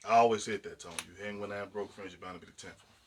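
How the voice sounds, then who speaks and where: A man's voice: fairly low pitch, steady tone, fast talker, slight background noise. A man co-hosting a podcast in casual chat, making his points emphatically, as if lecturing. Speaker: podcast co-host.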